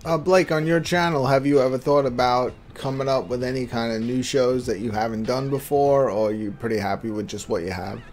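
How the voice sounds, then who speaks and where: A man hosting a casual talk show, asking his guest relaxed questions. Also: medium pitch, fairly quick, few pauses. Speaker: host. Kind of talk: casual chat.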